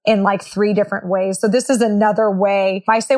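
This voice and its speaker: A woman's voice: medium pitch, steady tone, brisk, few pauses, a little mellow. A woman who invests in real estate, teaching how to talk price with sellers and acting out sample phrases in a conversational way. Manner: conversational, non-confrontational, acts out sample phrases. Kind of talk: instructional talk with role-played lines.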